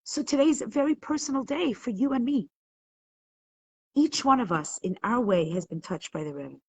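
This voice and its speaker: A woman's voice: on the high side, expressive, normal speed, slightly rough, rough recording. A woman leading a live online class, speaking with emotion and building to emphatic peaks, sometimes stumbling and repeating words when moved. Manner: impassioned, rising to emphatic peaks.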